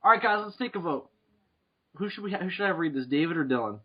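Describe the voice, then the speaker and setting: A man's voice: fairly high pitch, quick pace, breathy edge, muffled recording. A man hosting a podcast, eagerly directing his co-hosts through a game. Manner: excited, directs the others. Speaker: podcast host running the game. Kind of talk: casual chat. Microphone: home mic over a voice call.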